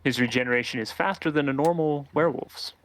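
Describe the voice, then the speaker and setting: A man narrating as game master of a tabletop game, relaxed and quick to laugh. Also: a little high.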